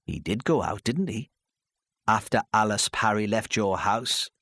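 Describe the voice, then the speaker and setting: A man as a calm police inspector. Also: fairly low pitch, vocal fry, no echo, clean studio sound, full character voice. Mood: probing. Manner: calm, measured questioning. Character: patient, probing male police inspector.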